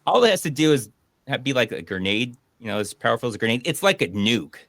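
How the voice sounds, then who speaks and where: A man hosts a casual online movie chat, talking over a video call. He rambles and gets animated retelling scenes, at a middle pitch. The sound is dry and close. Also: fast talker, dry recording. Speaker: podcast host.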